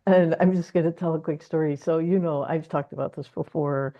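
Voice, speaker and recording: A woman's voice: low voice, brisk. A woman co-hosting a casual spiritual talk, telling stories with laughter and acted-out inner voices. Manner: animated storyteller, laughs often, acts out inner voices. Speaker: co-host of a spiritual wealth course. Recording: dull lo-fi sound.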